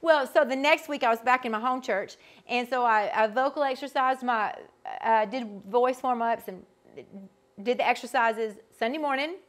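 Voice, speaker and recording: A middle-aged woman, a vocal coach, teaching a group in a chatty, animated way with frequent restarts. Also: on the high side, normal speed. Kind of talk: casual teaching talk to a group.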